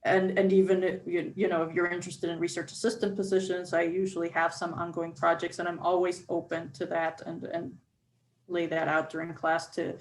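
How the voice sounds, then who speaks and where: A woman's voice: lowish voice, flat delivery, a little fast, a little hiss or hum, rough recording. A woman faculty member speaking on a panel discussion, explaining at length with frequent restarts and fillers.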